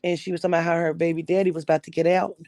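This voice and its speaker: A woman's voice: on the low side, little pitch movement, very fast, a little mellow, no echo. A young adult woman candidly telling her own life story in blunt, profane everyday speech, acting out the voices of the people she quotes.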